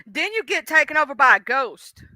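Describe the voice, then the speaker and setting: A woman chatting casually on her live stream, animated and chatty, cursing freely and reacting to her viewers' comments. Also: sits high, normal speed, no echo.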